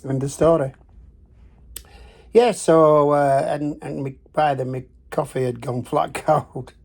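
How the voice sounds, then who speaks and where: Gravelly older Northern English man. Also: a little high, fairly even intonation, takes it slowly, a little mellow. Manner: chatty and rambling, with frequent fillers and restarts. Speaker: travel vlogger. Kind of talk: casual vlog chat. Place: cruise ship cabin.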